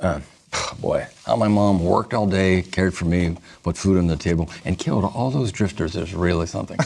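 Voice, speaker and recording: A man's voice: low voice, moderate pace, vocal fry, a little mellow, a little hiss or hum. A man who is a guest on a talk show, reading jokes in playful, self-mocking banter. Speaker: guest comedian. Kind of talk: casual comic banter and joke reading.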